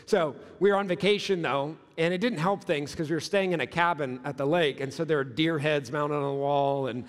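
Pastor in his 30s, high voice, chatty sermon delivery with long church reverb. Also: steady tone, fairly quick. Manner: conversational, builds through repeated phrases. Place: church sanctuary.

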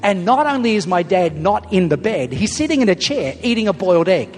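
A middle-aged man preaching a sermon as a pastor, telling a story emphatically and building to loud punchlines. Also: high voice, big pitch swings, a little fast, a little hiss or hum. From Australia. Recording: long hall reverb, faint music.

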